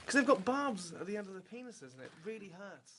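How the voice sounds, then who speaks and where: A man chatting excitably on a podcast, quick to laugh. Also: sits high. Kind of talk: casual podcast banter.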